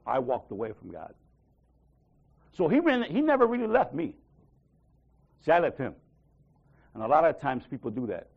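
A man's voice: mid-range voice, huge pitch swings, normal speed, creaky, pauses often, breathy edge, highs cut off. A man giving a casual sermon, talking conversationally and acting out little dialogues with God, often checking in with "right?". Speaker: preacher.

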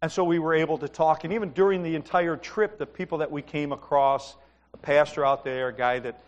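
High-pitched middle-aged male pastor. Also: fairly even intonation, fairly quick. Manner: conversational, asks the congregation questions; tells personal stories with humor. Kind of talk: sermon.

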